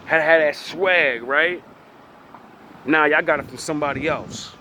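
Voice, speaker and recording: A man's voice: on the high side, moderate pace, pushed and bright, slight background noise. A man giving a blunt, profane, rambling opinion monologue outdoors by a street. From United States. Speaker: vlogger.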